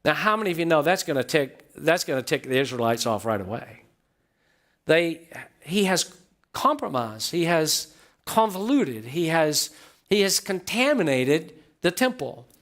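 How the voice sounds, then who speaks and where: A man's voice: on the high side, very animated, a little slow, a bit bright. A man pastor preaching a sermon to his church, stressing points by repeating phrases and asking the congregation questions. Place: church sanctuary.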